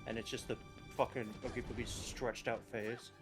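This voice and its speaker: A man's voice: mid-range voice, little pitch movement, normal speed. Rambling man chatting over game music. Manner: rambling, filler-heavy, swears. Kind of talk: casual chat during a stream.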